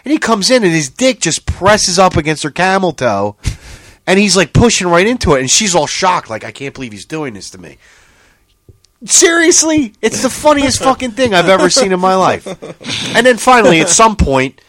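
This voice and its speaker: A man's voice: high-pitched, moderate pace, no echo. A man co-hosting a casual chat, telling stories with lots of swearing, laughter and incredulous outbursts. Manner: animated, profane storytelling with frequent laughter. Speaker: podcast co-host.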